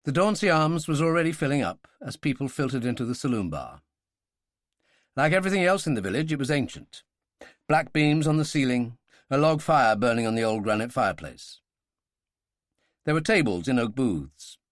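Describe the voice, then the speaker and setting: A man's voice: medium pitch, lively intonation, moderate pace, no echo. Man narrating an audiobook, dry and close. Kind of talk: scripted narration.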